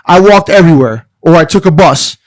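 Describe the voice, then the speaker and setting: Profane, animated New man. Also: a little high, brisk, no room sound, poor audio. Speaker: podcast guest, wrestler. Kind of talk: casual storytelling.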